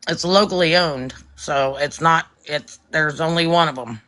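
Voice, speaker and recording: A woman joining a casual livestream as a guest. Her voice is bright and sharp, and she speaks bluntly, grumbling about things. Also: low voice, unhurried. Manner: blunt, grumbling, talks while eating.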